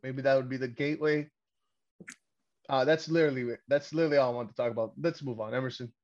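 Profane, excitable podcast host, lo-fi. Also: male voice, medium pitch, fast. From Canada. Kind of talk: casual wrestling podcast chat.

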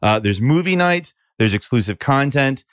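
This man co-hosts a podcast, and his casual, animated banter is full of jokes and swearing. He talks at normal speed in a medium-pitched, fairly bright voice with lively intonation, captured dry in a clean studio.

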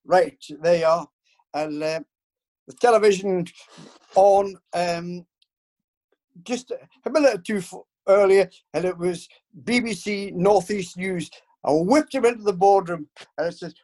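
A man's voice: high-pitched, measured pace, darkish tone. An older man, casually telling rambling anecdotes in an interview, full of fillers and restarts. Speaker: interview guest, former football club staff. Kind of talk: casual storytelling.

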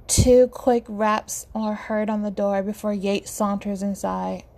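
A woman narrating a story in a steady, expressive reading voice. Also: mid-range voice, slow, vocal fry, hardly any pauses, slight background noise.

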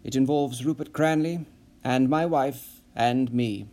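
A man's voice: medium pitch, a little slow, darkish tone, natural voice. A man doing a shrewd veteran spy. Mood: grave. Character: shrewd seasoned male spy, dry and probing.

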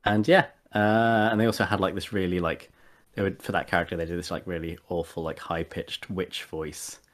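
Low-voiced man rambling casually. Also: flat delivery, fairly quick. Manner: rambling, many fillers and restarts. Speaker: podcast co-host, tabletop player. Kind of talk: casual chat.

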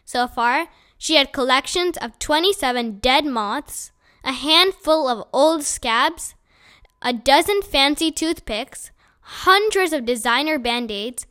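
A woman reading a children's chapter book aloud in a lively, expressive storytelling manner. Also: sits high, slow pace. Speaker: audiobook reader.

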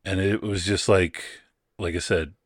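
A man with a low voice, chatting casually about a movie on a podcast. He stops and restarts a lot and laughs easily. The sound is dry and close. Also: steady tone, measured pace, husky, dry recording. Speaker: podcast co-host. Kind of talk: casual movie review chat.

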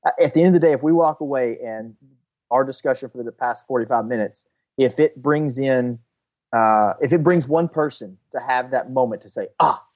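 An earnest man co-hosting a casual podcast chat, reflecting out loud on his thoughts. His voice sits at an ordinary middle pitch. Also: normal speed, dull audio. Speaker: podcast co-host.

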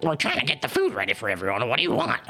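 A man's voice: mid-range voice, wildly swooping pitch, rapid-fire, sharp tone, soft background music, voice pushed up, heavily acted. A man voicing a stout, sheepish male goblin cook who stammers when caught out. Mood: defensive. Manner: flustered, stammering.

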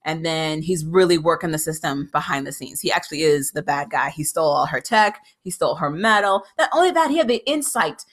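A woman giving casual, opinionated commentary as a TV recap host, frank and animated, often jumping up in pitch when exasperated. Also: fairly quick, few pauses. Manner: frank and critical, with filler "like" and restarts.

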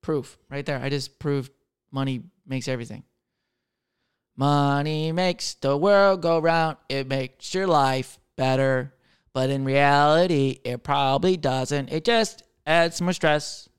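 A man in his thirties, a comedian hosting a podcast, rambling casually with lots of swearing and jokes, swinging from loud to mumbled. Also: fairly high pitch, slow, smooth. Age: 30s. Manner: profane, jokey, rambling, jumping between loud and mumbled.

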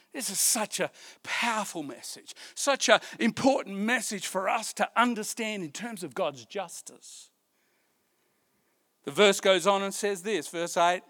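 A man, a pastor, preaching a sermon. He swings from loud, emphatic preaching to soft, hushed lines, repeating key phrases and drawing out stressed words. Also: high-pitched.

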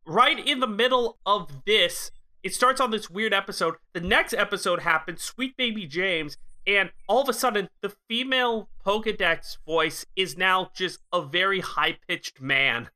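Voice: mid-range voice, lively intonation, a little slow, bright, forceful tone. A podcast co-host in casual chat, talkative, teasing and swearing freely.

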